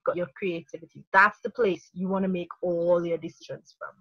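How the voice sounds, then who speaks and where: A woman speaking as a parenting coach in a podcast interview, energetic, often acting out inner dialogue in quotes. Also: on the low side, a little fast, no echo, highs cut off.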